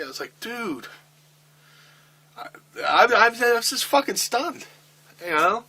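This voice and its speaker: A man's voice: high voice, a little slow, long pauses, a little hiss or hum. A middle-aged man telling a candid, profane backstage story in an interview, acting out what people said. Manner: profane, animated storytelling with acted-out quotes.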